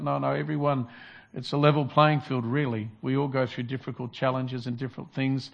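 Male pastor, mid-pitched, earnest sermon delivery with repeated emphatic calls. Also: flat delivery, a little fast, creaky. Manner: earnest preaching with repetitions, rising to emphatic calls.

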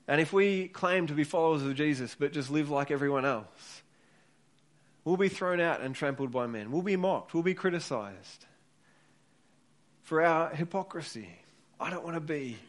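A man preaching a sermon as pastor, earnest and urging, often repeating words as he builds each point. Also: fairly high pitch.

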